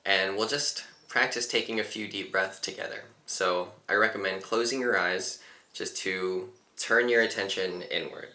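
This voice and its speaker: A man leading a guided meditation in a calm, unhurried, gently instructive way. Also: sits low, echoey room. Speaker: meditation teacher.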